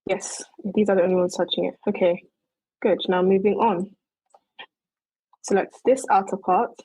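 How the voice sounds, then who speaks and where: A young woman talks through a 3D modeling tutorial in a relaxed way, thinking aloud as she works. Her voice has a slightly husky edge. She is recorded close and dry, with no room sound. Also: mid-range voice, moderate pace, no room sound, rough recording. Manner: relaxed, thinks aloud while working, loose fillers. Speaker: 3D modeling presenter. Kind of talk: casual screen-recorded tutorial.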